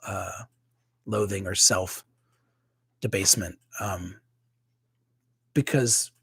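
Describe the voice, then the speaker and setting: Candid, rambling husky-voiced man. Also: sits low, slow, a bit bright, dry recording. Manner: candid, rambling, with many fillers and restarts. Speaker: priest. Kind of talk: casual livestream chat.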